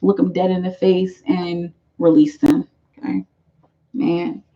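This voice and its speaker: A woman's voice: on the low side, little pitch movement, slow pace, dull audio. A woman giving a live tarot reading to her viewers, emphatic and affectionate, repeating her phrases for weight. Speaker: tarot reader.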